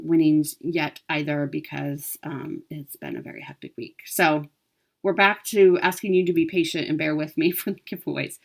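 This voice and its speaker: A woman with a slightly low voice chatting to camera about her stitching. She is upbeat and casual, with plenty of ums and quick self-corrections. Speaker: cross-stitch vlogger.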